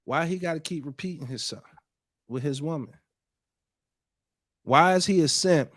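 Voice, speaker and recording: An animated man hosts a podcast, his voice a little high and recorded close and dry. He drives his points home and repeats himself for effect. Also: normal speed, no echo. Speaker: podcast host. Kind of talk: podcast commentary.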